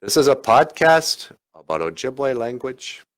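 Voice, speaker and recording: A man hosts his podcast in a loose, jokey ramble full of hesitations. His pitch moves up and down freely, so he sounds animated throughout. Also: a little slow. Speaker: podcast host. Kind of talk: comedic podcast banter.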